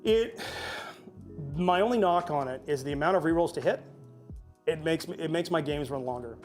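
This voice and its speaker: Male stream host, fairly high voice, chatty and jokey, faint music under him. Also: moderate pace. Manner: chatty, jokey, thanks viewers. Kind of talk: casual chat.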